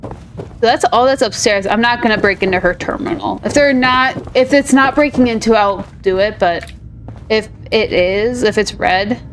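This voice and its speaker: A woman's voice: on the high side, normal speed, slight background noise. A woman hosting a gaming video, chatting casually and upbeat over gameplay. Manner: chatty, upbeat, lots of fillers like "like".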